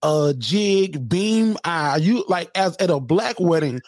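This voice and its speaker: A man's voice: fairly high pitch, expressive, slow pace, no echo, clean studio sound. A man co-hosting a comedy podcast, chatting loosely and retelling stories with quoted lines. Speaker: podcast co-host. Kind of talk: casual comedic chat.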